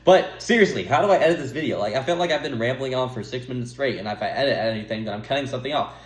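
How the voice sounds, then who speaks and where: A man's voice: mid-range voice, rapid-fire. A young man giving rambling, earnest advice to camera, breaking off to laugh at himself and drift off topic. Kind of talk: rambling casual monologue to camera. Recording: echoey room.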